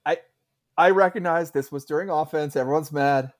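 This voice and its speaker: Male co-host, slightly higher voice, rambling casual sports chat. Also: moderate pace. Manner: rambling, lots of "like" and restarts. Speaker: podcast co-host.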